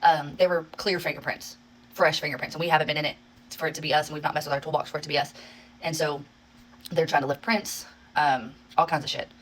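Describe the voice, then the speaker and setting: Woman vlogger with a low voice, talking fast and swearing freely; casual phone-recorded storytime. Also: steady tone, fairly bright tone, low-quality recording. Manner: rapid, profanity-laced, exasperated retelling. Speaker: social media creator.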